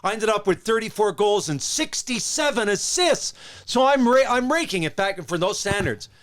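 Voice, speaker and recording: A man in his sixties from Newfoundland, a former hockey player who tells stories as a podcast guest in a rambling, animated way with many restarts. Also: high-pitched, moderate pace. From Newfoundland, Canada. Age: 60s. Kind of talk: casual storytelling.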